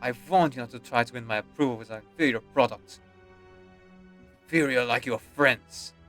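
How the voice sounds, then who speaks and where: A man's voice: mid-range voice, expressive, normal speed, fairly bright tone, soft background music, lightly acted. A man voicing a stern, contemptuous aristocratic father who scolds his daughter. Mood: scornful.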